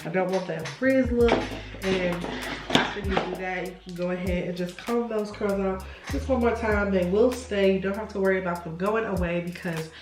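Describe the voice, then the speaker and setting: Over loud music in an echoey room, a young woman talks at medium pitch and a moderate pace while walking viewers through a hair tutorial. She's a beauty vlogger, gushing and chatty, and "y'all" comes up constantly.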